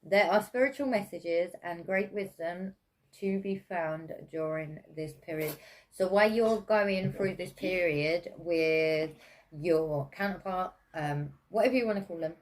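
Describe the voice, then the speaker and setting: A woman's voice: lowish voice, measured pace. A woman with an English accent giving a casual, chatty tarot reading, with many fillers and frequent laughs. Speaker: tarot reader.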